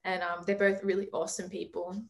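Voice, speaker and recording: A young woman who sings in a band, chatting casually in an interview and filling her talk with "like" and quick laughs. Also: fairly low pitch, flat delivery. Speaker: singer in a band, interview guest.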